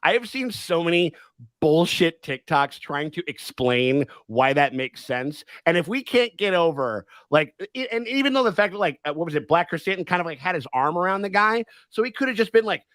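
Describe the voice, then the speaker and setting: A man hosting a casual livestream chat, excitable and rambling, with many restarts and swearing. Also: a little high, a little fast, no echo. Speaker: livestream host.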